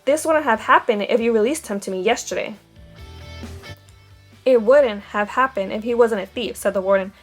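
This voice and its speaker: A woman's voice: fairly high pitch, moderate pace, pauses often, soft background music. A woman reading a novel aloud, giving the dialogue light character voices. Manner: steady storytelling with quoted dialogue. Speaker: audiobook reader.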